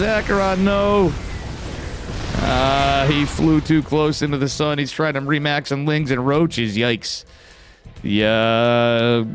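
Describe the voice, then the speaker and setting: A male game caster with an upstate New York accent, talking at a middle pitch in a loose, casual way. He swears freely and jumps into sudden excited outbursts during the play, with faint music behind him. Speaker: esports caster. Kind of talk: live game commentary.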